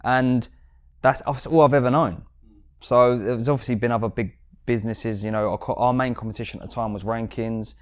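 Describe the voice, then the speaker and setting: A man's voice: brisk, clear, resonant tone. A man with a London accent, a jewellery shop owner, chatting casually as a podcast guest and telling stories about the business. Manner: animated storyteller, mimics customers with sudden high bursts.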